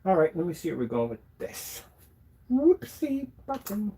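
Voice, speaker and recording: A man casually demonstrating a projection screen on a vlog, excited and rambling, boasting about his product. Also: quick pace, vocal fry, husky. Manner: sings snatches of a tune in a high voice.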